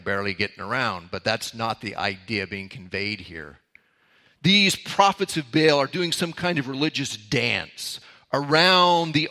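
A man's voice: a little high, sharp tone. A man preaching a sermon, reading verses aloud and explaining them with casual asides. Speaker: pastor.

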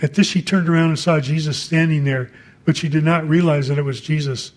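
A man's voice: on the high side, steady tone, brisk. A man preaching a sermon in a conversational way, reading scripture and adding casual asides.

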